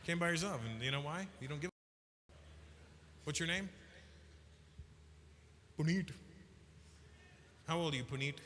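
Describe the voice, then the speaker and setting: A man in his fifties doing stand-up, teasing and riffing on the crowd in a fairly high voice. His words echo through a big reverberant hall. A faint room hum sits behind him. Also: a bit bright. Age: 50s. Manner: teasing, quick banter with audience. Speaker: stand-up comedian. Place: live comedy venue with audience.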